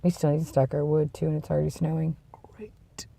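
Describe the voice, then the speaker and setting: A vlogger with a cold, sniffly and tired, chatting casually to the camera in a rambling, self-deprecating way that trails off into low mumbles. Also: completely flat delivery, very fast, gravelly, mellow. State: sick with a cold, sniffly and congested; tired and yawning.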